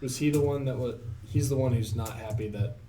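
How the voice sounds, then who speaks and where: Mellow-voiced man heard from a distance. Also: mid-range voice, a little fast, slight background noise. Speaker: player. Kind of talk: casual chat at a tabletop game.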